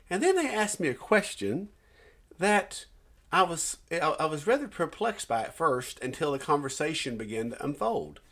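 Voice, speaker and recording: A middle-aged man speaks as a minister giving a personal testimony. His tone is earnest, and he tells a story with pauses and small restarts. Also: a little high, very animated, a bit bright. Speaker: Christian minister.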